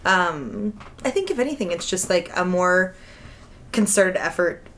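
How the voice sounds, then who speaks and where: A woman's voice: fairly low pitch, expressive, measured pace, a bit bright. A woman co-hosting a podcast in casual chat, rambling with many fillers and laughing often. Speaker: podcast co-host.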